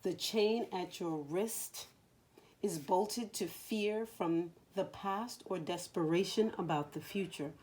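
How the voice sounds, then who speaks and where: Soft-spoken woman giving a card reading. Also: fairly low pitch, breathy edge. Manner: slow, soothing, dropping to whispers at times. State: choked up. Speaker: spiritual card reader.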